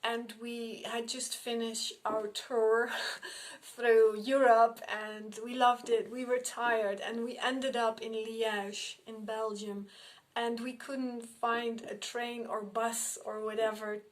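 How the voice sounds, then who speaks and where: A middle-aged woman who works as a spiritual medium tells personal stories to the camera at an unhurried pace. Her voice sits on the high side with a level tone, and she often repeats and restarts her phrases.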